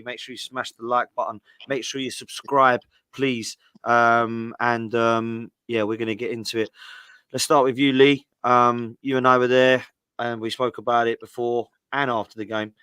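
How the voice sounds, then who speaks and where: A man hosting a casual football show, hoarse from shouting, upbeat and chummy. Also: medium pitch, no echo. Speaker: host.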